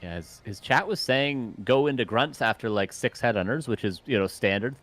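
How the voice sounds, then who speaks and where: A man giving analytical, measured live commentary on a strategy game match. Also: medium pitch, expressive, a bit bright, soft background music. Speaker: esports commentator.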